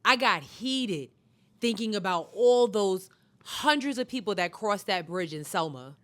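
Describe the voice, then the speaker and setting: Animated, fired-up woman podcaster. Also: mid-range voice, a little slow. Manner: angry, profane, ranting with emphatic stresses. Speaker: podcast co-host. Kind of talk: heated casual chat.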